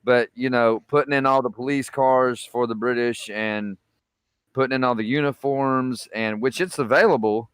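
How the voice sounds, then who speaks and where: A man's voice: medium pitch, steady tone, normal speed, a bit bright, clean tone, no echo, studio quality. A man in his forties, a gaming YouTuber, chatting casually on a live stream in an easygoing way. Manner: easygoing, says "man" often.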